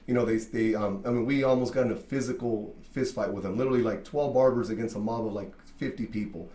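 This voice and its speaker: Animated, cussing barbershop owner, roomy sound. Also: male voice, on the low side, fast. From Mexican-American from Southern California. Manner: animated, swears freely, many fillers. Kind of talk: casual storytelling.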